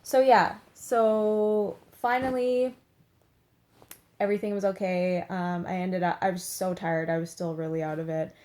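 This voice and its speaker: A young woman tells a story in a relaxed, chatty way, leaning on "like" and slipping into little voices for the people she quotes. Her voice is warm and mellow rather than bright. She sounds laid-back, as if talking from her bed. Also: fairly low pitch, brisk, hardly any pauses. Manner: chatty, heavy use of "like", acts out quotes. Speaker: beauty vlogger. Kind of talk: casual storytelling to camera. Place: in bed at home.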